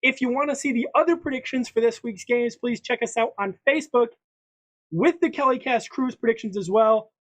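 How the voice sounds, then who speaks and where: A very high-pitched, slightly bright male voice runs a sports prediction podcast at a brisk clip. He chats casually in a presenting manner, often restarting what he says, over dull lo-fi audio.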